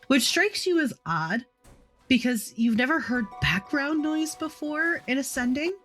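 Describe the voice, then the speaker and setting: A woman's voice: high-pitched, big pitch swings, slow pace, a bit bright, soft background music. Casual woman running a tabletop scene. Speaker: player. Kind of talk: tabletop game play.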